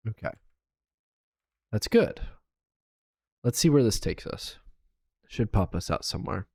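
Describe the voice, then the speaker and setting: A man streaming a video game live, talking casually and counting quietly to himself as he builds. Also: fairly low pitch, very animated, unhurried, gravelly, no room sound, clean studio sound. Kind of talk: casual gameplay commentary.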